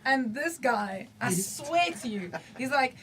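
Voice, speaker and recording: A South African woman, the singer of a band, chatting on a podcast in a quick, laughing storytelling manner. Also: sits high, expressive, a bit bright, a little hiss or hum. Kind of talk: casual podcast chat.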